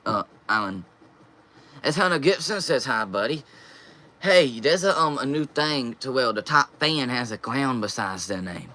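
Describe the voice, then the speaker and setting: Casting: young man, live stream host, bright and forward tone, reads chat comments aloud and replies. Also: mid-range voice, lively intonation, measured pace. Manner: reads viewer comments aloud and answers them.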